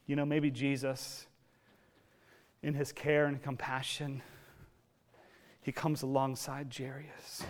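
A man preaching a sermon as pastor, telling the story in a lively, conversational way with casual asides. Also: medium pitch, takes it slowly, pauses often.

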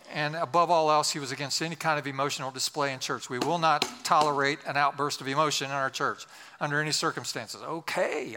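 A man's voice: a little high, bright, forceful tone, long reverb tail. An older male pastor telling a story in a sermon, with humorous, self-deprecating asides.

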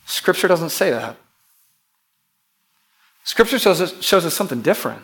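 A man's voice: fairly high pitch, very animated, moderate pace, pauses often, fairly bright tone. A pastor preaching to his church in an emphatic way, repeating key phrases and putting questions to the congregation. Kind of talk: sermon.

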